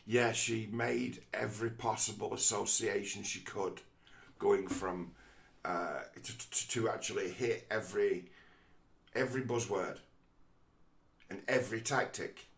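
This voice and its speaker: A man hosting a podcast, talking through his views in an animated, mocking way, with frequent fillers. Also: fairly low pitch, unhurried, gravelly. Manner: animated, mocking quoted voices, many fillers. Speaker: podcast host. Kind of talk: casual commentary.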